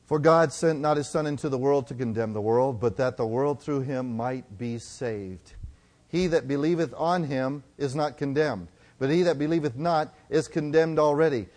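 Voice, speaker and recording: Man preaching, middle-aged, slightly high voice, loud then hushed storytelling sermon. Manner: dynamic, swings from loud to hushed.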